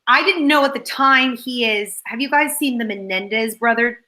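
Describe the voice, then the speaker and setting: Woman guest, actress, rambling storyteller, bright voice. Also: a little high, moderate pace, low-quality recording. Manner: rambling behind-the-scenes storytelling. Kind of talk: casual chat.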